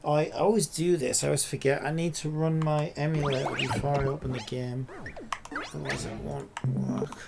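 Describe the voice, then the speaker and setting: A man talks through his game coding on a live stream, rambling and thinking aloud with casual swearing. His voice sits a little high and has a gravelly edge. Faint keyboard typing and light noise sit behind him. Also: fairly even intonation, a little fast, few pauses. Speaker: streamer and indie game developer.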